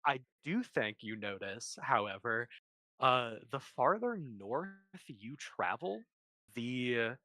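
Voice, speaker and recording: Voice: medium pitch, pushed and bright, no room sound. A game master narrating a tabletop session, hesitant with many fillers.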